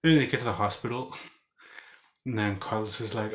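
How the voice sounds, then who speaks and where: A man's voice: lowish voice, fairly even intonation, fairly quick, background noise. A man casually recapping a video game he played, rambling with lots of "like" and restarts, and acting out characters with growls and sound effects. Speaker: game reviewer.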